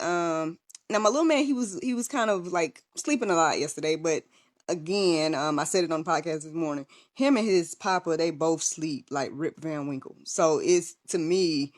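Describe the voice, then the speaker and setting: A young woman telling a personal story in a casual livestream, chatty and full of fillers and restarts. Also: low voice. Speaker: vlogger and podcast host.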